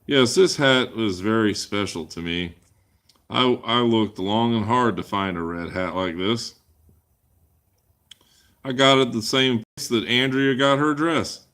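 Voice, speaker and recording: On a casual live chat Q&A, a man with a slightly low, somewhat slow voice and a fairly bright tone rambles through viewers' questions. He answers chat with crude jokes and loose banter.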